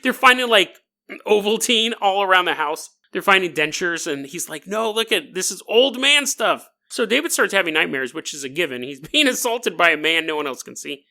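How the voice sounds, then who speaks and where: A man's voice: fairly high pitch, expressive, brisk, creaky, sharp tone. A man hosting a comedic storytelling podcast, talking in a sarcastic, joking way and laughing often. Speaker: podcast host.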